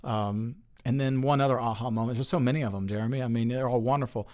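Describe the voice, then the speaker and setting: A man's voice: mid-range voice, fast, darkish tone. A man in his forties, a lawmaker being interviewed, telling stories in a chatty, earnest way with lots of fillers and restarts. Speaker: state lawmaker as guest. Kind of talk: casual storytelling interview.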